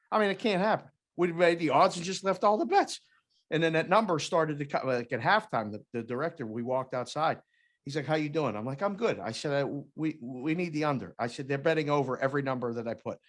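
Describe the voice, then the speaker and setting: Animated man telling a sportsbook story. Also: a little high. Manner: animated storyteller who acts out quoted people. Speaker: podcast co-host, former sportsbook oddsmaker. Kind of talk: casual chat, storytelling.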